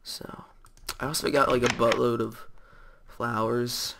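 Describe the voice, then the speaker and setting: Nasal from a cold, this man hosts gameplay commentary a little slowly, his medium-pitched voice level and full of vocal fry. His talk is rambling, chatty and relaxed, against heavy background noise.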